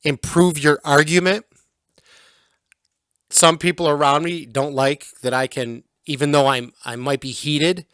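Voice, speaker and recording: Guy in his 40s chatting on a podcast, bit high-pitched, dry close sound, jumps in a lot. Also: fairly even intonation, fairly bright tone, clear, resonant tone, no echo. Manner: conversational, quick to interject and agree. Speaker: podcast co-host. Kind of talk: casual chat.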